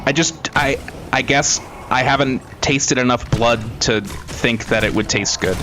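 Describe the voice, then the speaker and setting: A man's voice: medium pitch, unhurried, sharp tone, soft background music. A man from Florida streaming a game and chatting casually, rambling and self-mocking, often trailing off mid-sentence. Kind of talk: casual chat while gaming.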